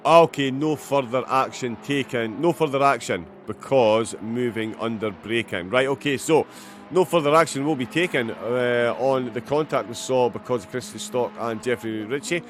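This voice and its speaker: A man with a Scottish accent giving live commentary on a sim race, with many fillers and bursts of excitement at incidents. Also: mid-range voice, normal speed, slight background noise.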